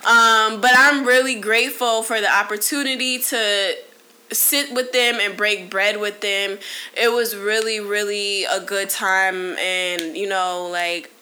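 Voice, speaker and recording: Her mid-range voice is steady, pushed, and bright, moving at a measured pace. In her late twenties, she hosts a podcast by herself, chatting candidly and loosely with many fillers and restarts, and she becomes emotional briefly.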